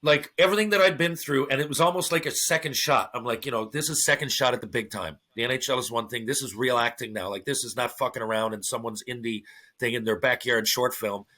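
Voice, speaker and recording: A man's voice: mid-range voice, fast talker. A middle-aged man, a podcast guest, telling a story in casual, profane talk and acting out the voices of the people in it. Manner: profane, animated, acts out quoted voices.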